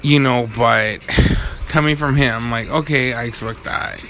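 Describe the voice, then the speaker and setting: A young man co-hosting a casual chat, lively and animated, swearing as he acts out little scenes. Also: mid-range voice, a little slow, slight background noise. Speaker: podcast co-host.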